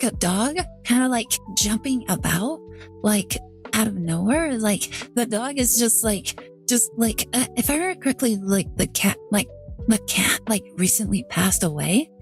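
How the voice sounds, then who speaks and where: Rambling young-sounding woman streamer. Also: fairly high pitch. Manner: rambling, heavy use of "like", many restarts; emotional, gushing when moved. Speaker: VTuber streamer. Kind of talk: casual stream chat during a game playthrough.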